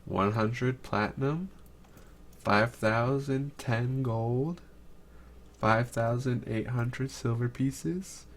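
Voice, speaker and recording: A man's voice: mid-range voice, drawn-out words. A man playing a tabletop game with friends, casual and laughing, slipping into in-character lines. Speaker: player. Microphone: home mic on a livestream.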